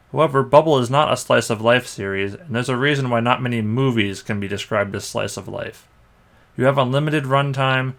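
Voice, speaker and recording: A man's voice: mid-range voice, fairly bright tone. A young man reading a scripted anime movie review as a voice-over, with dry, sarcastic criticism.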